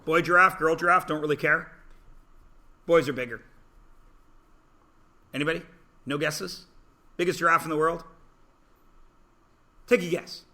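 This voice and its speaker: A man's voice: a little high, fairly even intonation, a little slow, long pauses, bright, forceful tone. A man teaching a math class, joking about himself and prodding students to guess answers. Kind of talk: classroom lecture.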